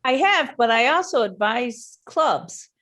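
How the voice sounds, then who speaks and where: Woman chiming in on a faculty call, measured and thoughtful. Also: fairly high pitch, expressive, a bit bright. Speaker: faculty participant. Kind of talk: discussion over video call.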